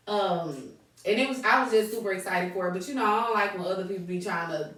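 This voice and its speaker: A middle-aged woman hosts a casual podcast chat, animated and quick to laugh. Her voice sits in the middle range. It comes from a distance in a very echoey room. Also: mid-range voice. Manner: animated, laughing, quotes people in put-on voices. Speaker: podcast co-host.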